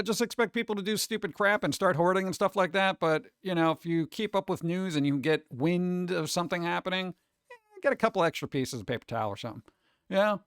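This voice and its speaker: A man's voice: high voice, clean tone, dry recording, clean studio sound. A man streaming live, chatting casually and reading chat messages, rambling and joking with a sarcastic edge.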